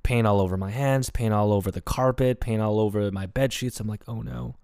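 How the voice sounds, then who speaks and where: A man's voice: lowish voice, a little fast, a little mellow, clean tone, no echo, clean studio sound. A young man hosting a comedy podcast alone, telling a personal story in an emotional, rambling way with lots of fillers. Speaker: podcast host. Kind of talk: confessional solo storytelling.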